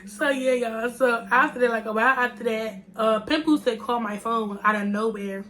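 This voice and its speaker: A woman's voice: a little high, fairly even intonation, normal speed, fairly bright tone, a little hiss or hum. A young woman vlogger telling a story to her viewers in a chatty, slangy way. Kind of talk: casual storytime.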